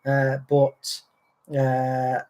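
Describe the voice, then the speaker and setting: A man, co-hosting a relaxed livestream chat and telling anecdotes, acting out other people's lines. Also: mid-range voice, extremely slow. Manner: chatty storyteller, acts out other people's lines. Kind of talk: casual chat.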